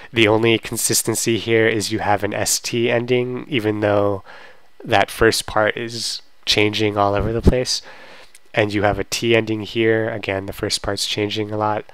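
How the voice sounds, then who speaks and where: A man teaching a language lesson in a relaxed, casual way, with frequent fillers and restarts while he talks over slides. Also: fairly low pitch, clean tone, no room sound, poor audio. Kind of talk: casual screen-recorded lesson.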